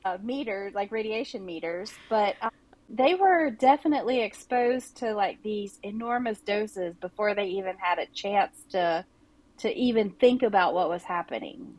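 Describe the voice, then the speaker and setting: A woman's voice: medium pitch, animated, moderate pace, a little mellow, poor audio. A middle-aged woman co-hosting a podcast, chatty and casual, with many "like"s and "you know"s. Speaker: podcast co-host.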